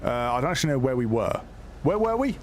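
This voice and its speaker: A man commentating his gameplay live, hesitant and chatty and full of fillers as he thinks aloud. His voice sits at an ordinary middle pitch. A faint hiss runs underneath. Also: very animated, fast talker. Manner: hesitant, chatty, lots of fillers and self-talk. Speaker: streamer playing a police game.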